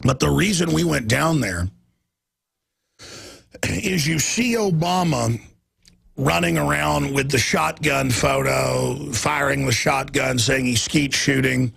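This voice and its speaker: A middle-aged man hosting a political talk radio show, hoarse with a gravelly, raspy voice, ranting emphatically in rapid-fire bursts. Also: medium pitch, a bit bright, no room sound.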